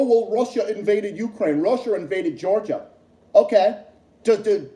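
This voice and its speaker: Male streamer, high voice with a dark, mellow tone, swears and repeats himself as he rants in an echoey room. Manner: profane, repetitive, heated ranting. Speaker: livestream host. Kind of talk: heated political rant on a livestream.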